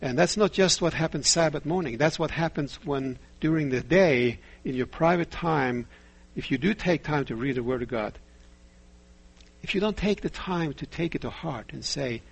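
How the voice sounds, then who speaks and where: Husky-voiced male preacher. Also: on the high side. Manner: measured preaching with rhetorical questions and stories. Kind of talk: sermon.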